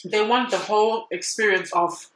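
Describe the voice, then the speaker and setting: A woman's voice: medium pitch, normal speed. A woman with a mid-range voice, firm and opinionated as she makes her points. The room is echoey, with a faint hiss of noise behind her. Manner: emphatic and opinionated. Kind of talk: casual chat.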